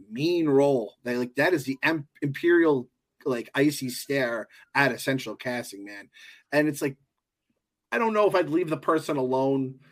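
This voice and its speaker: A man hosting a podcast in casual, animated chat, laughing often and swearing freely. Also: medium pitch. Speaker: podcast host.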